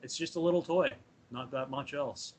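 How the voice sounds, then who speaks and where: A man's voice: mid-range voice, normal speed, slight background noise, poor audio. A man chatting casually as a podcast panelist over a video call, laid-back and full of fillers. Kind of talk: casual chat.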